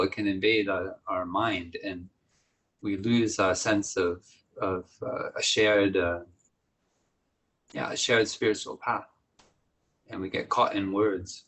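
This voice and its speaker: A man, a monastic teacher, giving a gentle, reflective dharma talk with many pauses and soft laughs. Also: on the low side, steady tone, husky, poor audio.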